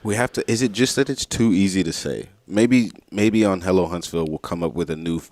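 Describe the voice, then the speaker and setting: A man's voice: deep voice, fairly quick, darkish tone, no room sound. A man co-hosting a morning talk show, easygoing and rambling, laughing often. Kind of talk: casual chat.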